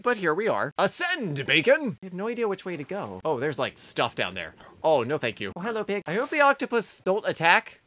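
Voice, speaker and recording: A woman hosting a comedic game video, chatty and excitable, talking to the creatures she meets. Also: sits low, no echo. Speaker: gaming video host. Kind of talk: comedic let's-play commentary.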